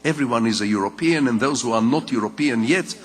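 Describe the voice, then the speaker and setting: An older Israeli man with a Hebrew mother tongue, giving a public lecture in measured storytelling with rhetorical repetition. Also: mid-range voice, in a large hall. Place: large lecture hall.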